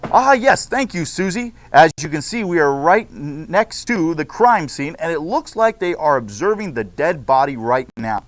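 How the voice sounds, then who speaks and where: A man's voice: on the high side, big pitch swings, normal speed, hardly any pauses. A man doing an eager field reporter. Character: male field reporter at a crime scene.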